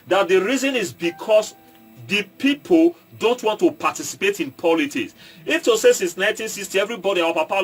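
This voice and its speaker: A Nigerian man from Edo State, an online commentator and entertainer, chats casually to his viewers in a voice that sits high and sounds slightly bright. He speaks haltingly, repeating and restarting, slipping into Pidgin and checking whether viewers follow him.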